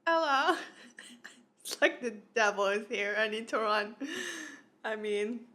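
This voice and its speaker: A woman's voice: a little high, a little slow, pushed and bright, faint music behind. A woman hosting a reaction video, chatty and laughing, talking back to the screen. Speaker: reaction channel host. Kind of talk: casual reaction commentary.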